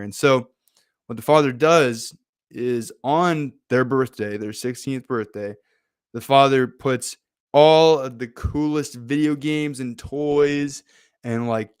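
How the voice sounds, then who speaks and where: Laid-back, chatty man with a smooth voice. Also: mid-range voice, dry recording, clean studio sound. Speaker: host. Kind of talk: casual motivational talk.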